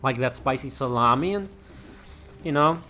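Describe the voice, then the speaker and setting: A man's voice: medium pitch, expressive, moderate pace, pushed and bright, slight background noise. A young man hosting a let's-play, chatting casually as he plays, rambling with lots of restarts and fillers. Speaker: gaming channel host.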